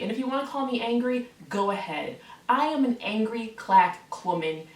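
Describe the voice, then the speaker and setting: A woman's voice: a little high, animated, moderate pace. A woman ranting to camera in a vlog, heated and profane, hammering the same words again and again. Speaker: online video creator. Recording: roomy echo, voice from a distance from the mic.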